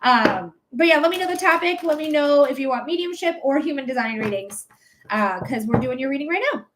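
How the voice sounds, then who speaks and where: A woman in her thirties with a high, bright voice tells a long story on a live stream. She talks in a chatty, animated way, full of ums and casual swearing. She keeps breaking off to thank her viewers by name. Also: a little fast, noisy background. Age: 30s. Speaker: psychic streamer.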